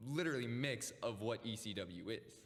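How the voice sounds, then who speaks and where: A young man, a podcast guest, talking excitedly about wrestling, swearing and laughing as he goes. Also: medium pitch, normal speed. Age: young adult. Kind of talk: casual chat. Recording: long reverb in the room.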